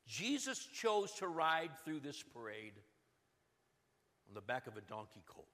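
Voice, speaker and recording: High, ringing male pastor voice, dramatic shifts from loud to hushed, church-hall reverb. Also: very animated, unhurried. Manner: dramatic swings between loud urgency and hushed emphasis. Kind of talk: sermon. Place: church sanctuary.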